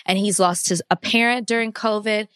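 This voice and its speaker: A woman's voice: medium pitch, steady tone, normal speed, a bit bright, clean tone, no echo, clean studio sound. A woman co-hosting a podcast in casual chat, earnest and reflective. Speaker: podcast co-host.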